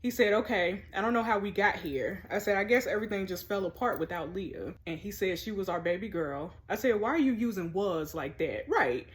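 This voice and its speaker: A woman's voice: mid-range voice, animated, brisk, few pauses. Sassy woman narrating a game aloud. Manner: sassy, reads text messages aloud with asides. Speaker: gamer playing a story game. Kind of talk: casual in-character game commentary.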